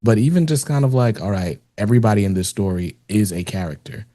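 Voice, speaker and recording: A man hosting a podcast, chatting in a relaxed, rambling way with lots of fillers. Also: on the low side, fast talker, dry recording, clean studio sound. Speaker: podcast host. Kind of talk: casual interview chat.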